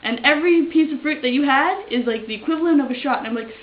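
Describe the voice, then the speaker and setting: A woman casually telling a funny story, giggly, with a drawn-out comic delivery. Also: sits high. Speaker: vlogger. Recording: echoey room, dull lo-fi sound, faint hiss.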